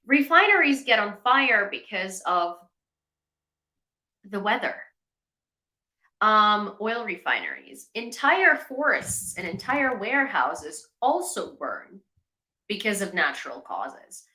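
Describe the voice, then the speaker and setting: A woman's voice: medium pitch, sing-song, slow, bright, forceful tone. A woman hosting a livestream news commentary, chatty and sarcastic. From Ukraine. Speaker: host. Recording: echoey room.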